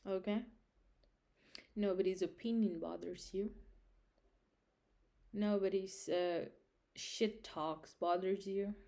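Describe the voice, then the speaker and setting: A young woman talks straight to her viewers in a casual advice vlog. Her voice is warm and mellow, and she sits at an ordinary middle pitch. She hammers her points home by repeating them and keeps checking that the listener is following. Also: steady tone, takes it slowly, long pauses. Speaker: vlog host giving life advice. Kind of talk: casual direct-to-camera advice.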